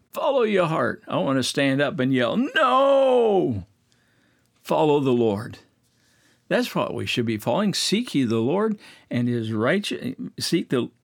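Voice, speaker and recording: A man preaching a sermon, slowing down to stress quoted verses and rising sharply on key words. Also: vocal fry. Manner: emphatic, slows down to stress scripture quotes; swoops higher on key words.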